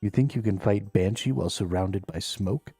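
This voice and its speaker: A man's voice: fairly low pitch, normal speed, warm tone, husky, no room sound, clean studio sound, soft background music. A man voicing a bossy, snarky stray cat that scolds and insults a hero, reading game dialogue aloud on a live stream. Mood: scolding.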